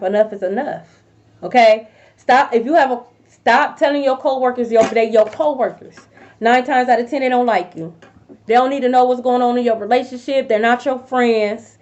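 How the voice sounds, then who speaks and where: Tarot reader, woman, high voice, blunt and swearing, dull lo-fi audio. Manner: blunt, profane, with sudden loud outbursts. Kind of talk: casual tarot reading to viewers.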